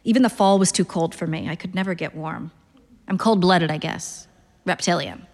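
A woman in her thirties reading a literary short story aloud in a dry, deadpan, wry manner. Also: fairly low pitch, moderate pace, long reverb tail. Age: 30s. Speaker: narrator.

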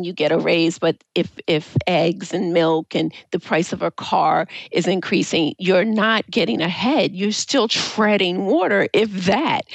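A middle-aged woman speaking as a guest on a panel discussion, earnest and emphatic, drawing out key words slowly. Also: medium pitch, vocal fry, dry recording, low-quality recording. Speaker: guest commentator.

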